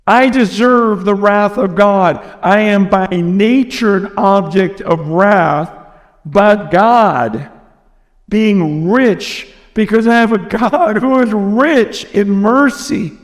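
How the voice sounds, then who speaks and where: A man's voice: high-pitched, slow pace. An American man preaching a sermon, earnest and emphatic, often repeating phrases, recorded in a large church hall. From United States. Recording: long reverb from a large hall.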